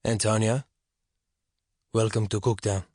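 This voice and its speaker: A man voicing a calm, unhurried middle-aged male rugby coach with an Argentinian accent, read in an audiobook. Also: lowish voice, slightly rough, dry recording, studio quality. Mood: calm welcoming.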